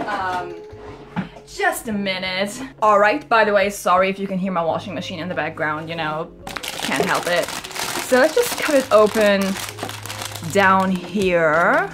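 A young woman vlogging a casual unboxing at home, excitable and chatty, quick to laugh and to squeal in frustration. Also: mid-range voice, over music. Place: at home, washing machine running.

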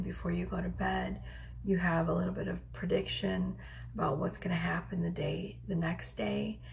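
A woman in her thirties giving a casual tarot reading at home, chatty and rambling, with soft whispered asides. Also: mid-range voice, creaky, slight background noise. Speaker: tarot reader. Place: home room.

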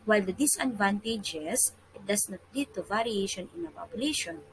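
A woman with a Filipino accent reading a science lesson aloud as a teacher, steady and measured, with occasional restarts. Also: mid-range voice, a little hiss or hum, rough recording.

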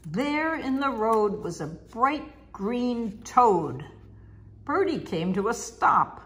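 Slow, expressive woman reading a storybook. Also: on the high side. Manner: slow, expressive, sing-song. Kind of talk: storybook read-aloud.

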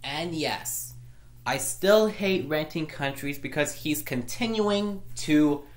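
Woman with a low, unhurried voice, ranting in frustration with stumbles and restarts, recorded in an echoey room. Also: animated. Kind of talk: angry vlog rant.

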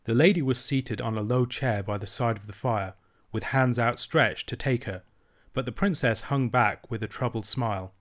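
A man reading a classic children's novel aloud in a measured, even narrating voice. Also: medium pitch. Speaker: audiobook reader.

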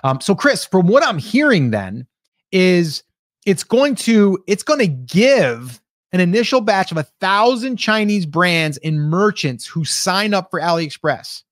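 Higher-pitched guy co-hosting, thinks out loud, kinda hesitant. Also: sing-song, a little slow, dry recording, clean studio sound. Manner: hesitant, lots of fillers and restarts while thinking aloud. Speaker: podcast co-host. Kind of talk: casual discussion.

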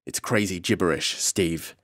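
A man's voice: low voice, measured pace, fairly bright tone, no room sound, studio quality. Man voicing a frightened, jittery ship's mate. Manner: hysterical, muttering.

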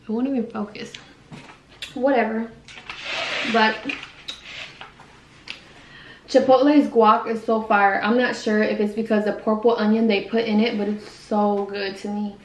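A woman's voice: mid-range voice, level tone, echoey room, slight background noise, poor audio. A young woman vlogger chatting casually while eating, rambling and correcting herself as she goes. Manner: rambling, self-correcting, says she talks fast. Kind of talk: casual mukbang chat. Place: quiet room at home.

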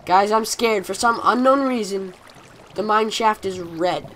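A woman giving let's play commentary, chatty and excitable, scolding the game and its mobs aloud. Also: mid-range voice, a little slow, a little hiss or hum. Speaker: gamer.

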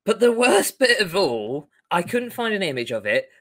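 Lively bright-voiced man chatting. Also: high voice, moderate pace. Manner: animated, retells scenes with put-on quotes. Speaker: podcast co-host. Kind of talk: casual chat.

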